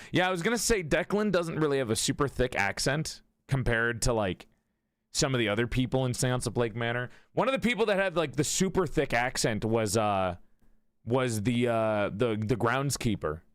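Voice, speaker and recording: A man's voice: medium pitch, lively intonation, moderate pace, dry recording, clean studio sound. A man chatting on a live stream, swearing freely, laughing often and correcting himself as he goes. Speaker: streamer and game player. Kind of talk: casual live-stream chat. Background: faint game soundtrack music.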